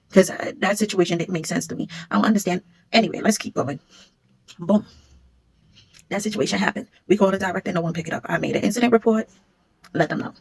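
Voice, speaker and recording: A woman's voice: medium pitch, husky, rough recording. A woman telling a story in a blunt, emphatic, conversational way. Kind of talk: casual storytime.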